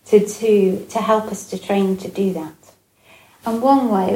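Gentle reflective woman giving a dharma talk. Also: medium pitch, a little hiss or hum. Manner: gentle, reflective, many fillers. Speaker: Buddhist dharma speaker. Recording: echoey room with faint ambience.

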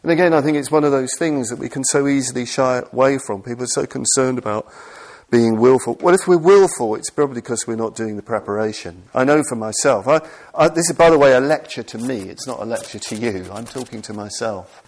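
A man's voice: mid-range voice, a little fast. A man giving an earnest, self-deprecating Buddhist dharma talk, full of restarts and repetitions. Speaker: Buddhist teacher.

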